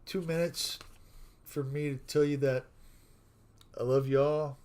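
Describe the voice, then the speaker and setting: A man's voice: mid-range voice, flat delivery, clean tone. A man hosting a casual live stream, reading out viewers' jokes, laughing often and signing off to his chat. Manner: slow, warm sign-off talk with frequent laughing at chat jokes. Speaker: livestream host.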